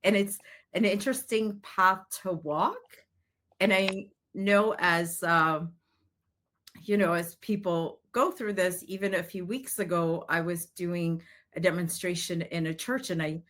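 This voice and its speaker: A woman's voice: lowish voice, fairly even intonation, measured pace, a bit bright. A middle-aged woman, a psychic medium, telling a story in an interview and acting out the quoted voices.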